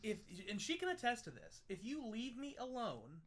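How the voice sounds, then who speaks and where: A man's voice: very high-pitched, huge pitch swings, moderate pace. A playful young man hosting a casual whisky livestream, joking and chatting. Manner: playful, jokey, breaks into laughs. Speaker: livestream host. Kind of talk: casual tasting livestream chat.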